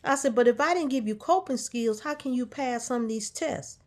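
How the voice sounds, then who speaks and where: A woman's voice: a little high, moderate pace. A woman casually telling a story from her caregiving job, quoting herself and a patient back and forth, with an encouraging, faith-tinged way of talking. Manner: encouraging, faith-infused talk. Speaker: caregiver sharing a workday story.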